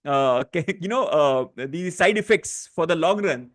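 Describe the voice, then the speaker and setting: A man guiding a live online stress-relief session, speaking gently with many fillers and restarts. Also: a little high, animated, measured pace. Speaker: stress-relief workshop facilitator. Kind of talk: guided tapping session on a live online class.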